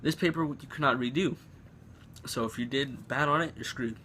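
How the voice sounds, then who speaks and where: A teenage boy tells a school story to his camera in a loose, rambling way, leaning on fillers and starting lines over. His voice sits at a middle pitch. A faint room hum sits behind him at home. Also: moderate pace, pushed and bright. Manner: rambling, filler-heavy, restarts often. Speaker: vlogger. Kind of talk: casual storytelling.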